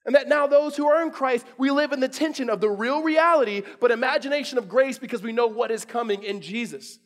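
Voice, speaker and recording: A man's voice: very high voice, fairly quick, fairly bright tone. A man, preaching a sermon in a casual storytelling way, full of restarts and fillers. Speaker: pastor.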